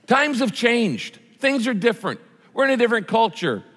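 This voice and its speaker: A man's voice: extremely high pitch, very animated, moderate pace, fairly bright tone, big-room sound, pitched above the performer's own voice, full character voice. A man voicing a sly male devil who coaxes toward sin and then condemns, in a sermon. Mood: coaxing. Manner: coaxing and dismissive.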